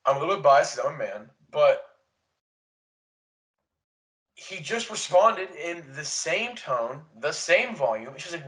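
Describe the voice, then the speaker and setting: A young man co-hosting a podcast, rambling through a casual chat, swearing often and retelling events with animated quotes. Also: fairly high pitch, measured pace, long pauses, low-quality recording. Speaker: podcast co-host. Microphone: desk podcast mic.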